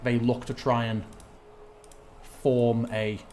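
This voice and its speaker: A man running a tabletop game as game master, calmly narrating and checking the rules as he goes. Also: mid-range voice, slow, slight background noise.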